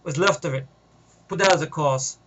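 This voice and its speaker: A man's voice: a little high, moderate pace, highs cut off, voice pushed down, close to an everyday voice. A man voicing a tough female ex-soldier vigilante who swears and interrogates coldly, in a noisy home recording. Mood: taunting.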